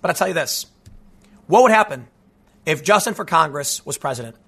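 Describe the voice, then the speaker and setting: A man giving a casual, animated commentary monologue, tossing in "dude" and "man" as he talks. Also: fairly high pitch, brisk, breathy edge. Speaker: political commentator.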